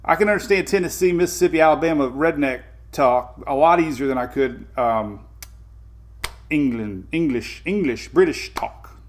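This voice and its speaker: A man's voice: on the high side, moderate pace. A man with a Southern US accent hosting a casual weather live stream, rambling and greeting viewers by name. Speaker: weather show host.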